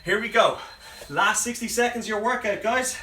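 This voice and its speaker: Breathing hard, a man coaches a home workout live, counting reps down and urging people on. His high-pitched voice is pushed and bright at a moderate pace, and the roomy distant-mic recording carries faint music plus a little hiss or hum.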